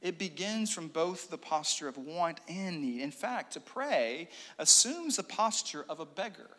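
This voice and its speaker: A man preaching a sermon in a church room, animated, with joking asides and hushed prayer. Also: a little high, a little slow. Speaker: pastor. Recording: long reverb of a hall.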